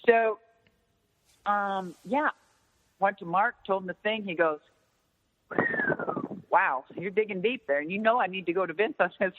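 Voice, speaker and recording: A woman's voice: mid-range voice, normal speed, pauses often. A middle-aged woman, a former wrestler, telling stories in a casual interview, swearing freely and acting out what others said. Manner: profane, animated, acts out others' lines. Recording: tinny phone-line audio with long reverb.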